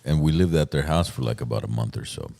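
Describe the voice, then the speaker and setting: A man's voice: very deep voice, fast talker, vocal fry, mellow. A man co-hosting a podcast in casual chat, talking emphatically and calling people "bro".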